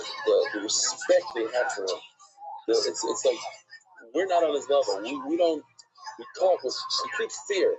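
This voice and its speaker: A man teaches a Talmud class in a fairly high voice that leaps up and down as he acts out the rabbis he quotes. He talks his way through the text with many restarts. The recording sounds dull and lo-fi. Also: a little hiss or hum.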